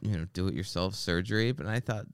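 This man's low, clear, resonant voice moves fairly quickly in a dry, studio-quality recording. As a podcast host, he rants through comic stories in loose conversation and swears freely. He animates his anecdotes by mimicking the people in them.

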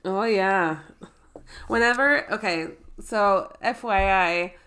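A woman's voice: medium pitch, fairly bright tone. A woman co-hosting a podcast in casual chat, nasal and stuffed up from a head cold, rambling and stumbling over her words over a remote call. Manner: unhurried, rambling, self-interrupting. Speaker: podcast co-host.

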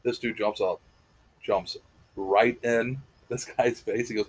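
A man's voice: mid-range voice, steady tone, slow pace, breathy edge, poor audio. Profane, rambling male podcast storyteller. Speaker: podcast host. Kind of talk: casual chat.

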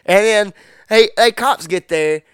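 A man's voice: sits high, unhurried, a bit bright, clear, resonant tone, no echo, clean studio sound. A man co-hosting a podcast, telling a profane story in casual chat and acting out what people said. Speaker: podcast co-host.

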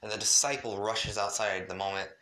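A man's voice: fairly low pitch, steady tone, fairly quick, sharp tone. A man reading a second-person fan story at home, his voice shaky from the cold, with stumbles and chatty asides. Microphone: home mic, cold room.

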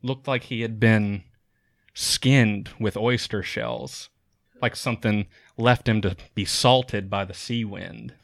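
A man running a tabletop game as game master, narrating the scene in a lively storytelling manner. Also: fairly low pitch, slow, creaky, no room sound, studio quality.

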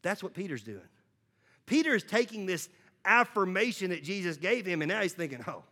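A male pastor preaching a lively sermon, acting out little dialogues and tossing in quick asides. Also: high-pitched.

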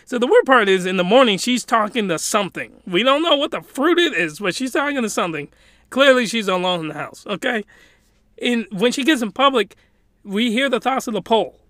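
A man excitedly recapping a story in casual chat, laughing and rambling with many restarts. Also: extremely high pitch, fairly quick, no echo, clean studio sound. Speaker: video commentator.

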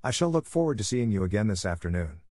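A troubled young woman voiced by a man speaks softly and earnestly in a storybook reading. The tone sits a little higher than the narration and sounds dry. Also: sing-song, quick pace, no echo. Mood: relieved. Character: frightened young woman, relieved.

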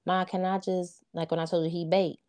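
Heartfelt mom as interview guest, low and mellow, chatty and informal, keeps saying "you know what I'm saying.". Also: female voice, little pitch movement, brisk. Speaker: interview guest, single mother of sons. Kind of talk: casual heartfelt interview chat.

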